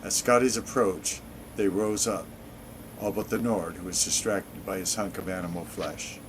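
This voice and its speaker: A man's voice: deep voice, steady tone, normal speed, noisy background. A man in his sixties reading an in-game book aloud on his gaming channel, dropping in sarcastic asides.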